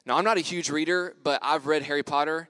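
A man's voice: a little high, fairly even intonation, quick pace, pushed and bright, smooth, no room sound. A man gives a casual, storytelling sermon, joking at his own expense and laughing often. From United States. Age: 20s. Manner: upbeat, joking, self-deprecating, laughs often. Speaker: young church speaker.

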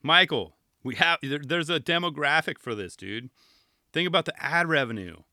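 Joking, rambling bright-voiced man. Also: a little high, normal speed, no echo, clean studio sound. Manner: rambling, joking, animated asides. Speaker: podcast host. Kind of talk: casual chat reviewing a magazine.

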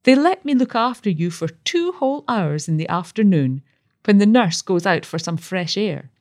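Woman narrator as a devoted young wife, fussy and gleeful, lively pitch. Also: normal speed, close to an everyday voice. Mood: soothing. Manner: coaxing, bright storytelling.

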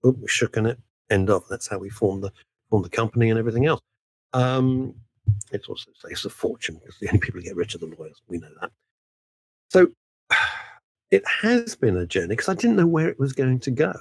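A man talks as a guest on a podcast, his pitch swooping animatedly and his voice gravelly and a little husky. He is emphatic and keeps throwing in asides. The sound is dry and close. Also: big pitch swings, brisk, pauses often, no room sound. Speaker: guest broadcaster. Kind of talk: conversational podcast interview.

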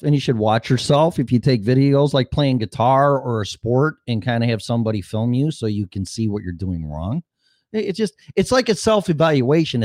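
A man hosts a casual talk show and curses freely. His pitch rises and falls in an animated way. The sound is dry and close. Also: no room sound. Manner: blunt, swears a lot, quick restarts. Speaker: podcast host. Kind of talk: profane casual chat.

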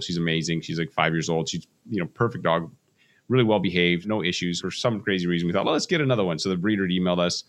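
A middle-aged man with a low voice talks briskly through a podcast monologue for mortgage professionals. He tells casual stories and acts out the voices of people in them. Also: fairly bright tone. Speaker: mortgage business coach.

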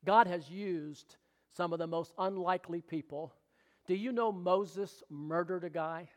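A middle-aged pastor with a drawl preaches in a fairly high voice. He calls out for amens and teases people in the pews between points. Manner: exclamatory, calls for amens and jokes with the congregation. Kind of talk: sermon.

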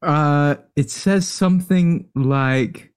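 Slow, hesitant male tabletop player. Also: a little high, smooth. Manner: hesitant, stumbling. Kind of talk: casual tabletop game play.

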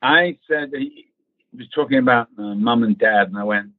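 Husky man telling stories over a phone line. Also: mid-range voice, moderate pace, no echo. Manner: storytelling, mimics voices in quotes. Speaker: actor guest. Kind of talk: anecdotal interview chat.

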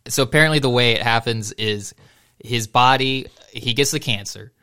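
A man's voice: medium pitch, moderate pace, sharp tone, smooth. A man co-hosting a casual podcast, reading a news article aloud and chatting, laughing often as he goes.

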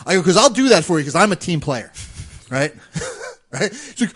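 Man, forties, high voice, profane, animated storyteller, casual chat. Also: brisk. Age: 40s. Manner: profane, animated storytelling, acting out both sides of an argument. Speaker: comedian telling a story.

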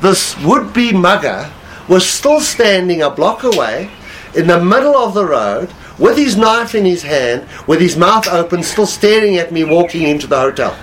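A man's voice: high-pitched, moderate pace, a little hiss or hum, rough recording. A man casually telling a long anecdote as a guest, laughing often as he talks. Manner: animated storyteller, laughs while talking.

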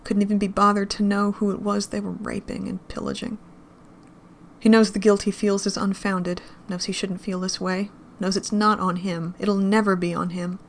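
A woman reading a dark piece of fan fiction aloud, her voice gravelly with fry. She keeps a flat, even line and a grim, measured pace through the narration. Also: medium pitch, a little hiss or hum.

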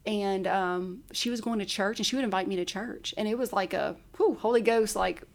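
Speaking at a moderate pace with a medium-pitched, creaky voice, this woman is a podcast guest recounting something from her own life. The conversation is casual; she chats freely, laughs a lot, and performs her past words aloud.

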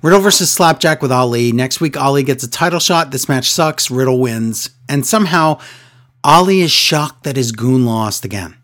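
A man's voice: mid-range voice, animated, normal speed, fairly bright tone. A man co-hosting a casual wrestling recap, sarcastic and exasperated, often mimicking wrestlers in a raised voice. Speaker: wrestling podcast co-host.

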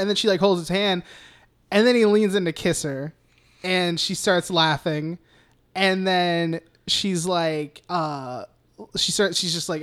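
A man's voice: high voice, normal speed, fairly bright tone, smooth. A man co-hosting a film podcast, casually recapping scenes in a rambling, profane way with many fillers. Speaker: podcast co-host.

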